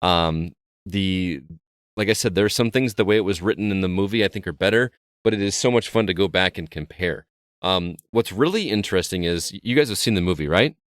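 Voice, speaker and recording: A man's voice: low-pitched, a little fast, no room sound, clean studio sound. A man co-hosting a podcast, telling a rambling story in casual chat with frequent restarts. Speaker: podcast co-host.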